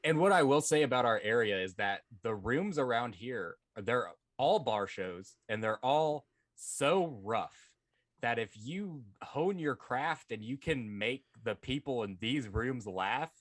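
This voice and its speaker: A man co-hosts a casual podcast, joking and self-deprecating. His pitch swings up and down a lot, and the sound is dry and close. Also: lively intonation, a little slow, dry recording. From South Mississippi. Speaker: podcast co-host.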